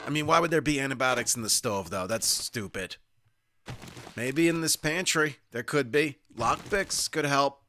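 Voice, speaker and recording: Gamer guy muttering wry jokes to himself, bright edgy voice, faint hiss behind. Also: medium pitch, moderate pace. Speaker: gaming YouTuber. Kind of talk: casual let's-play commentary.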